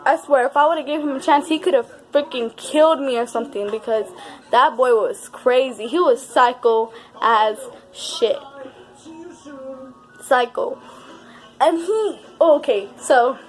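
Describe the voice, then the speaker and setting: A young woman vlogger tells a personal story casually and with animation, her voice sitting high. She swears a lot and repeats words for emphasis.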